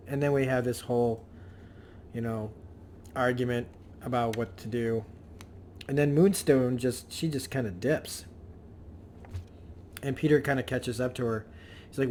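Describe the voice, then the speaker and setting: A man's voice: mid-range voice, fairly even intonation, unhurried, long pauses, darkish tone, a little hiss or hum. Man casually recapping a comic. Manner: retells the plot in loose, rambling speech with many fillers. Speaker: comic book reviewer.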